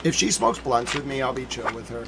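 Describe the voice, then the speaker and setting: A man's voice: mid-range voice, a little fast. A man rambles through a loose, joking stream monologue in a mid-range voice. He gets carried away and laughs at his own ideas. A faint hiss sits under the recording. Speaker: host of a nightly news recap stream. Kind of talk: casual rambling livestream monologue.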